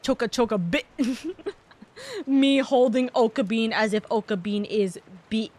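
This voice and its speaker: High-pitched young woman streamer, loose, playful, rambling chat with frequent swearing. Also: expressive, takes it slowly, a little mellow. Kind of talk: casual livestream chat.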